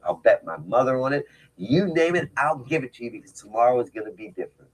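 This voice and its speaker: A man with a medium-pitched, husky voice talks fast, his pitch swinging widely, in a low-quality recording. He tells his recovery story candidly and emphatically in a personal storytelling talk, often adding rhetorical asides about his past.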